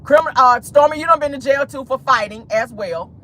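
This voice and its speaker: A woman hosting a casual celebrity gossip vlog, sassy and animated, laughing and talking straight to her viewers. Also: sits high, brisk, a little hiss or hum. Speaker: host.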